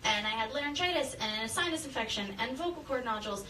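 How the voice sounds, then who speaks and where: A woman's voice: on the high side, expressive, quick pace, pushed and bright, reverberant, distant mic, a little hiss or hum, rough recording. A woman guest on a chat podcast, recovering from voice strain, talking in a rambling way and laughing often. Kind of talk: casual chat.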